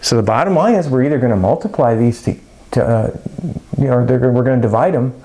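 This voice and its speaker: A middle-aged man talks through a chemistry lesson in a casual, folksy way. He rambles and drops jokey asides, and his voice sits at an ordinary middle pitch. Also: fast talker, dark tone. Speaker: chemistry teacher. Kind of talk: casual lecture.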